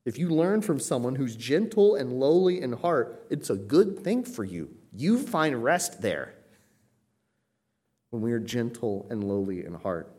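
A man's voice: medium pitch, very animated, unhurried, a little mellow, husky. Emphatic male preacher delivering a sermon. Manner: emphatic, rising sharply when reading scripture aloud; conversational asides with light laughter.

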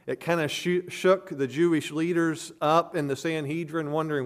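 A man's voice: a little high, steady tone, moderate pace, few pauses. A man preaching an expository sermon as a pastor, earnest and emphatic, hammering home points with repeated phrases.

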